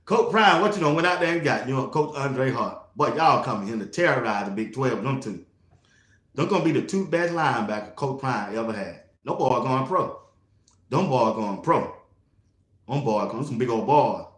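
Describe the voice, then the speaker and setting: A man hosting a casual sports talk show, animated and slangy, laughing often as he talks. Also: mid-range voice, normal speed, reverberant.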